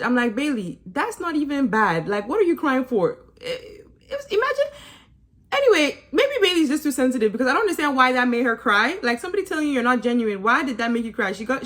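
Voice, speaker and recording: A woman with a fairly high voice talks through a reality show recap in a chatty, opinionated way. She teases freely, drops into sarcastic mimicking asides and laughs often. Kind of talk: casual episode review.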